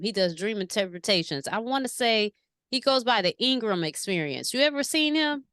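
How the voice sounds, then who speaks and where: A woman chatting casually in an interview, telling stories in an animated, slangy way and asking questions. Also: fairly high pitch, normal speed, no echo, studio quality. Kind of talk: casual conversation.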